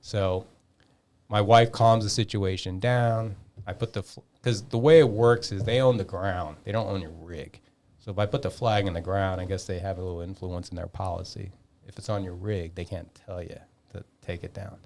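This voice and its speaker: A man in his fifties telling a long story in a casual podcast chat, animated, swearing freely and acting out the dialogue. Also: low voice, normal speed, a little hiss or hum. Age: 50s. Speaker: podcast guest.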